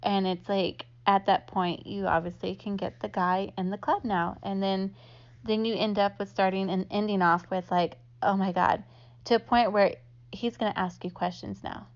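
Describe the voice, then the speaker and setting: A woman's voice: mid-range voice, little pitch movement, moderate pace. A woman giving a casual instructional talk, chatty and full of "like" fillers. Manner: chatty, heavy use of "like" fillers. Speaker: online instructor. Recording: slightly dull lo-fi audio.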